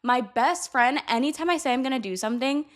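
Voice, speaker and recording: A young woman talking straight to her camera in a casual, candid vlog. Her voice sits a little high, and she is blunt and unfiltered, swearing freely as she talks. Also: lively intonation, a little fast. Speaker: vlogger. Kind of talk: casual advice chat to camera.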